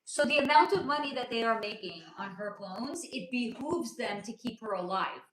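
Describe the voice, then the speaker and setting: A woman hosts a casual livestream in an echoey room with background noise, her fairly high voice animated and at normal speed. She answers viewer comments bluntly and outspokenly, swearing freely.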